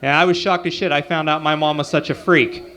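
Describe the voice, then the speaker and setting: A man's voice: fairly high pitch, steady tone, fairly quick, noisy background. A man in his forties doing a profane stand-up comedy routine, talking casually with the crowd on a club stage. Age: 40s. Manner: profane, crude, conversational with crowd asides.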